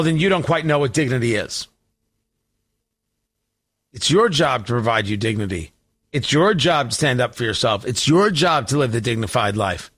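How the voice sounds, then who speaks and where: A man hosting a talk radio show, delivering opinionated commentary in an emphatic, deliberate way with sarcastic asides. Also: a little high, a bit bright.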